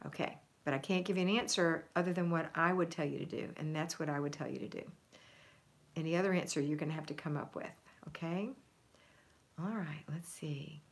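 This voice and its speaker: A woman's voice: deep voice, steady tone, brisk. A middle-aged woman chatting on a home livestream, reading viewer comments aloud in an upbeat way, laughing and trailing off with ums. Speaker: home organizing livestream host.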